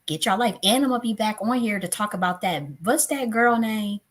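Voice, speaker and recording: A woman's voice: mid-range voice, a little fast. A woman in her thirties hosting a tarot live stream, talking casually and bluntly with profanity, often getting worked up. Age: 30s.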